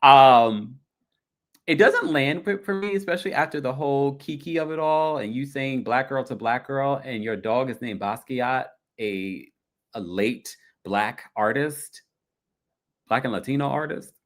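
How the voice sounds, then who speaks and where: A man hosting a casual livestream recap, gossiping and reading viewer comments, often mimicking people in high voices. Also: measured pace. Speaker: recap show host.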